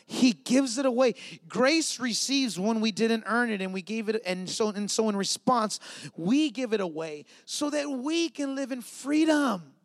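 A pastor in his thirties with a strikingly high voice delivers a sermon in a loose, conversational way, tossing asides to the congregation. The sound is dry and close. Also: no echo. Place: church.

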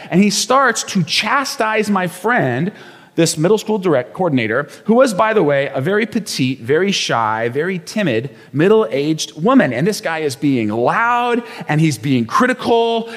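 Male pastor, lively sermon storyteller, slightly high voice, long hall reverb. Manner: animated storyteller, acts out quotes.

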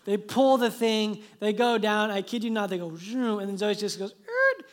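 Male pastor, sermon delivery; animated storyteller who drops to a hush for the tender parts. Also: sits high, normal speed. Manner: animated storytelling, dropping to soft hushed tones.

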